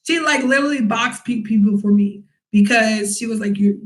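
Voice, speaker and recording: A young woman vlogging, telling a story casually with lively, animated quoting and frequent laughs. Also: fairly high pitch, moderate pace. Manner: animated, acts out quotes loudly with laughs. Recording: echoey room.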